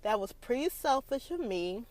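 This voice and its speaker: A woman's voice: fairly high pitch, sing-song, moderate pace, a little mellow, no room sound. A young adult woman hosting a podcast, telling a personal story in a chatty way with many fillers and restarts. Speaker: podcast host. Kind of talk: casual podcast monologue.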